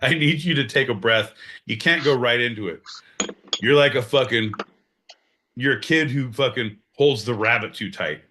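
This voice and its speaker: A man co-hosting a comedic podcast in casual banter, animated and crude, breaking into loud mock outbursts. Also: medium pitch, normal speed, a little hiss or hum. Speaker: podcast co-host.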